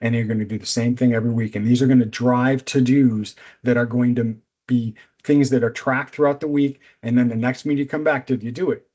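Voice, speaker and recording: A middle-aged man presenting a business seminar as a coach, speaking in a direct, energetic, instructive way. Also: medium pitch, brisk, few pauses, dull audio.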